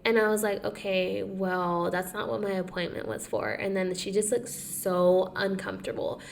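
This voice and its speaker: Young woman, podcast co-host, creaky, casual chatty storyteller. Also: medium pitch, normal speed, slight background noise. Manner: animated storyteller who acts out quotes, says "like" often.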